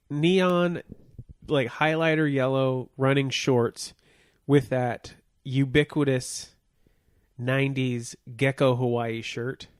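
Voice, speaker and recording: Male co-host, mid-pitched, chatty and joking, dry close mic. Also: no room sound. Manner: chatty, quick asides, joking. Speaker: podcast co-host. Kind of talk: casual chat.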